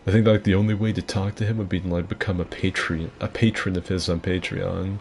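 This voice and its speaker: A man in his twenties streaming a game from home, chatting in a rambling, casual way with swearing and keeping his voice fairly quiet. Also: low-pitched, flat delivery, fairly quick, gravelly, a little hiss or hum. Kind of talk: casual gameplay commentary.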